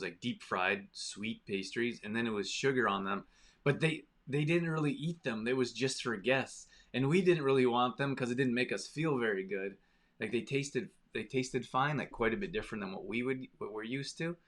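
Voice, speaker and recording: A man's voice: mid-range voice, a bit bright. A man hosting a live stream, chatting casually with viewers and telling a rambling story. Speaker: live stream host reading viewer comments. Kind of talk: casual chat.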